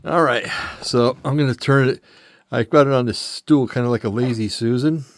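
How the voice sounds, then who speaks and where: A man's voice: mid-range voice, normal speed, no echo. Older guy a bit out of breath, rambling demo, lots of ums, medium voice, dry sound. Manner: rambling, self-correcting, lots of fillers. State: a little out of breath. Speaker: metal casting hobbyist showing a tool. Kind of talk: casual demonstration.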